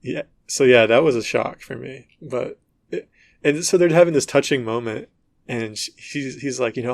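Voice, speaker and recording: A man co-hosting a casual gaming podcast, telling stories in an animated way and acting out dialogue. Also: mid-range voice, moderate pace, gravelly, dry recording. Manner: animated storytelling, acts out dialogue in quotes. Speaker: podcast co-host. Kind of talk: casual chat.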